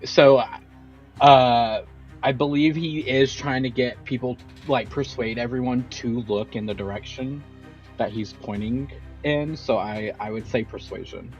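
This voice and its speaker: A man's voice: mid-range voice, unhurried, muffled recording, faint music behind. A young man playing a tabletop game who explains his character's moves in an eager, rambling way. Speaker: player. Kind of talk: casual tabletop play.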